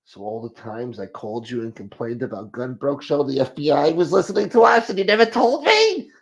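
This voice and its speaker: Whiny, dramatic mob daughter, as a man puts her on, gravelly undertone, lo-fi. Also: medium pitch, sing-song, a little fast. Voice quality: whiny, melodramatic. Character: whiny, naive middle-aged mob daughter. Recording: muffled lo-fi audio.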